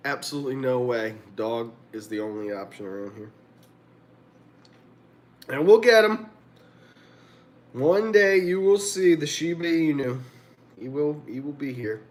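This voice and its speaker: A man's voice: mid-range voice, lively intonation, measured pace, long pauses. A man hosting a livestream from a room at home, chatting casually in a rambling, profane way and laughing often. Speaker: livestream host. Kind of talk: casual chat.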